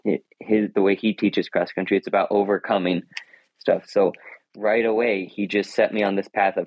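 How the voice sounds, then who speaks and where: A man's voice: lowish voice, level tone, normal speed, dry recording, highs cut off. A teenage boy answering interview questions in a thoughtful, earnest way, often restarting his sentences. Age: teens. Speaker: high school runner and guest.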